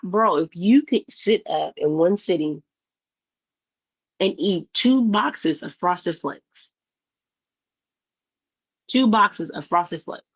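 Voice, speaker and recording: Woman ranting about some videos, blunt and animated, kinda muffled audio. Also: mid-range voice, husky. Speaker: streamer commenting on videos. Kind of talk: casual commentary rant. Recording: slightly dull lo-fi audio.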